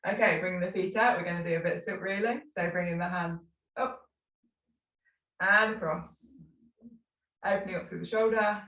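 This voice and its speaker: A woman teaching a live tai chi class, calmly cueing slow movements with unhurried asides. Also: on the low side, dull audio. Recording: echoey room, mic at a distance.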